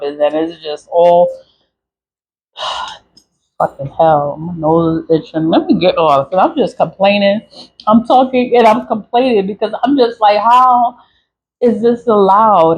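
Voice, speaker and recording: A woman's voice: fairly low pitch, husky, lo-fi sound. A woman vlogger venting to camera in a profane, repetitive rant, with short laughs and sighs. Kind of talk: angry venting monologue to camera.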